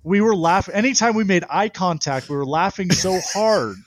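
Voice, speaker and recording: A man, a guest on a podcast, telling stories in casual chat, animated and laughing often. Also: sits high, moderate pace, no room sound. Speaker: guest pitcher.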